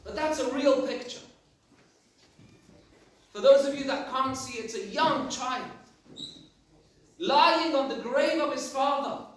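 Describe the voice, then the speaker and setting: A man's voice: very high voice, takes it slowly, pauses often, a bit bright. Man preaching, rabbi telling stories, sounds far off in a big echoey synagogue, faint noise. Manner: storytelling, emphatic and reflective. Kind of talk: sermon. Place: large synagogue hall.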